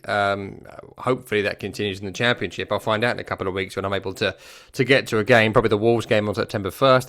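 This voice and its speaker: A man who regularly works on a microphone hosts a football podcast, giving a wry, casual match review with phrases repeated for emphasis. His voice sits on the low side, with a bright, forceful tone.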